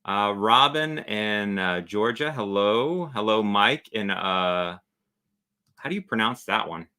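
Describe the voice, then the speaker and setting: A man's voice: lowish voice, animated, slow pace, sharp tone, clear, resonant tone. A man hosting a casual travel livestream, chatty and joking as he reads viewer comments aloud. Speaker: travel channel host.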